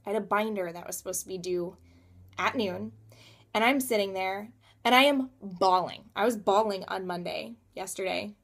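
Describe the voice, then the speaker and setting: A woman's voice: medium pitch, moderate pace. A woman in her thirties talking through a personal motivational vlog, emphatic and repeating words for stress. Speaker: coach and realtor.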